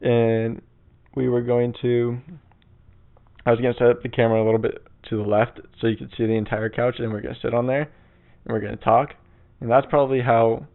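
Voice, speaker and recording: A man's voice: mid-range voice, gravelly. A young man hosting a casual solo podcast from his bedroom on an old mic, rambling, crude and laid-back. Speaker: podcast host. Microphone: old mic on a stand. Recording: tinny phone-like sound.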